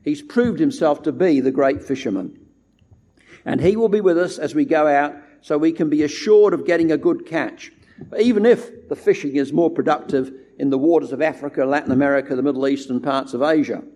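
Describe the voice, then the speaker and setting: Male preacher with a slightly high voice, measured and emphatic, delivering a church sermon. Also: dark tone. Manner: measured, emphatic delivery stressing key words.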